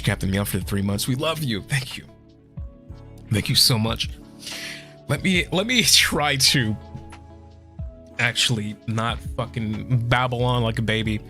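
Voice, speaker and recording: A man's voice: medium pitch, sharp tone. A young man streaming casual chat, tearful and swearing a lot as he thanks his viewers.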